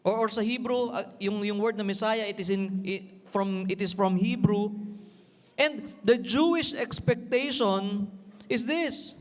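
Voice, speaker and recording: A man's voice: sits high, unhurried, big-room sound. A man with a Filipino accent preaching an emphatic sermon in a church, mixing English and Tagalog. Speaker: pastor.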